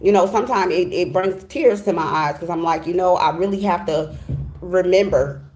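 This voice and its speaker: Speaking at normal speed with a fairly low, slightly mellow voice, a middle-aged woman reads tarot casually and from the heart. She's chatty and emphatic, frequently checking "okay?" and saying "you know what I'm saying."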